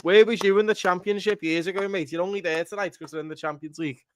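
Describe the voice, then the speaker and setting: A man's voice: high voice, fairly quick, fairly bright tone, no echo. A man hosting a live football watchalong stream, ranting bluntly with swearing and laughter. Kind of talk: casual live stream chat.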